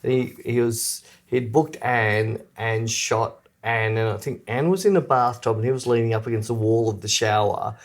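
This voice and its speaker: A man's voice: mid-range voice, moderate pace, hardly any pauses. A man co-hosting a podcast, telling anecdotes in a casual chat and often breaking into laughter. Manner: animated anecdotes broken by laughter. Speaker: podcast co-host.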